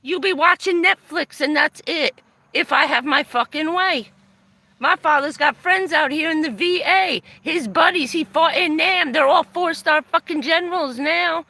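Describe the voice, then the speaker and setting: A woman's voice: high-pitched, unhurried, pushed and bright, no room sound. A woman ranting angrily on a live stream, swearing heavily and sounding aggravated and aggrieved, filmed on a phone in a van. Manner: heavy swearing, furious and aggrieved. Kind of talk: angry live-stream rant.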